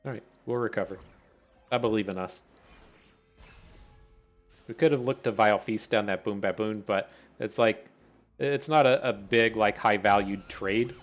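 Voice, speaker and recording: A man's voice: on the low side, moderate pace, pauses often, faint music behind. A man giving casual, rambling commentary on his own card game match, often restarting sentences and mocking his own misplays. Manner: rambling, self-deprecating, stammers and restarts. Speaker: gaming streamer.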